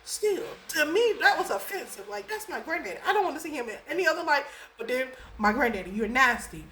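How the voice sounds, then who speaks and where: Animated, laughing young woman telling a story. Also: fast talker, slight background noise. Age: young adult. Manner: animated and laughing, with dramatic pitch jumps. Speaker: storyteller, vlogger. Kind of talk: casual storytime vlog.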